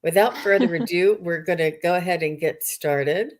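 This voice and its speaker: A woman with a fairly low voice hosts a live online workshop. She chats in a loose, friendly flow and reads out viewer comments. She fills her pauses with ums. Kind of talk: casual live-stream chat.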